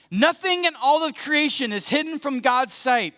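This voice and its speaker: A man preaching a sermon as a pastor, conversational and animated, acting out scenes as he goes. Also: very high voice, normal speed, hardly any pauses. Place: church sanctuary. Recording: echoey church hall.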